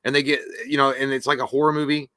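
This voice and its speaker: A man's voice: mid-range voice, little pitch movement, fast talker, bright, forceful tone, no echo. A man co-hosting a casual live stream, cracking crude jokes and swearing freely. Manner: crude, joking, profane. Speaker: podcast co-host.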